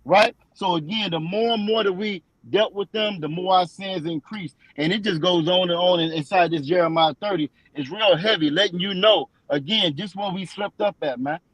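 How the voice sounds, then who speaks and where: A man teaching from scripture in a preaching style, emphatic and repetitive, slowing down to read verses aloud. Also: high-pitched, a bit bright, no echo, rough recording. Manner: emphatic and repetitive, restates lines for stress; slows down when reading verses aloud.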